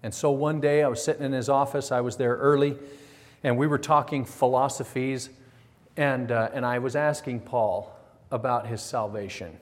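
A man's voice: medium pitch, steady tone, normal speed. A man preaching a sermon, telling a story with acted quotes and rhetorical questions. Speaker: pastor. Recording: long reverb of a large hall.

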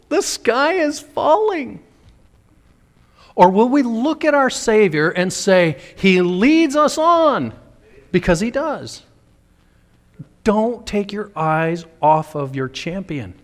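A man preaching a sermon as a pastor, fervent and dramatic, acting out the voices he quotes. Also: high-pitched. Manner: fervent, acts out quoted voices with big swings. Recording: long reverb of a large hall.

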